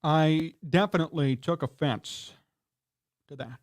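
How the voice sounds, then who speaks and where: Male sports talk host with a high voice. Heated, indignant, scolding rant. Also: unhurried.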